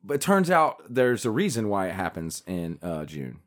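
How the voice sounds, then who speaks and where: A man's voice: lowish voice, big pitch swings, normal speed. Rambling man hosting a podcast. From Southern United States. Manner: rambling, hesitant, self-deprecating. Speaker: podcast co-host. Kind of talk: casual chat.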